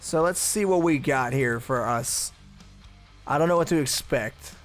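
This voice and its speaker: Guy talking through his football game sim, mid pitch, chatty, faint guitar music under it. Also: measured pace. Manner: chatty, thinking aloud, blunt asides. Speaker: gaming channel host. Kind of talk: casual video game commentary.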